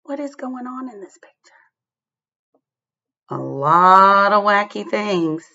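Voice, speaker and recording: Animated woman reading a picture book aloud. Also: mid-range voice, takes it slowly, gravelly, highs cut off. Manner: animated, asks the listener to find things. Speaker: storybook reader. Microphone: laptop webcam.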